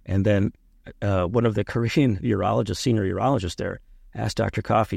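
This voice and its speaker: A middle-aged man with a deep, heavily gravelly voice and a husky edge speaks as a podcast guest. He tells his stories in a measured, reflective way. The sound is close and dry. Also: fairly even intonation, darkish tone, no room sound. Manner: thoughtful, storytelling, measured. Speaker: urologist guest. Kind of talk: conversational interview.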